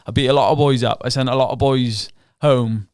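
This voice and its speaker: A man on a podcast recounts a fight in loose, candid storytelling, swearing freely and slipping into the voices of his own racing thoughts. His voice is mid-pitched and recorded close and dry, with no room sound around it. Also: fairly even intonation, a little fast, clear, resonant tone, dry recording. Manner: frank and profane, relives moments with quoted inner thoughts. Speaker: podcast guest, professional MMA fighter. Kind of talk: casual interview storytelling.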